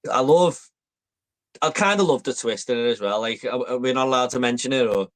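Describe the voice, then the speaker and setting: A man's voice: mid-range voice, brisk, a bit bright. Hesitant man musing about movies. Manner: hesitant, trailing off, lots of ums and tag questions. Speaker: movie podcast co-host. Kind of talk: casual film chat.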